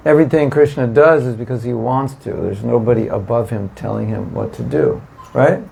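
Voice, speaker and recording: A man teaches an informal devotional class to a live audience, chatty and emphatic, repeating points for emphasis and often quizzing listeners. His medium-pitched, animated voice has vocal fry and a dark tone at a moderate pace. The rough recording has a little hiss or hum.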